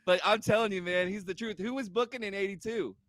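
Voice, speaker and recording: A man co-hosting a casual podcast chat, excitable and laughing as he tells stories. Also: high-pitched, fast talker, dry recording. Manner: excitable, laughing, animated storytelling. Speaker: podcast co-host.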